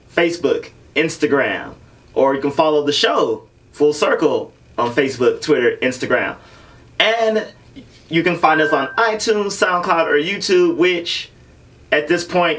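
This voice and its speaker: A man with a slightly high voice hosts a casual podcast. He riffs and jokes his way through the chat with his co-host. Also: fairly bright tone, distant mic. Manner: joking, riffing banter.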